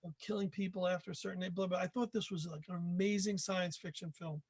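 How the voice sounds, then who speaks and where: High-pitched man in his sixties, dry mic. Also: fairly even intonation, quick pace, breathy edge, no room sound. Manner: eager, self-deprecating storyteller. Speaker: podcast guest, author. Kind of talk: casual interview chat.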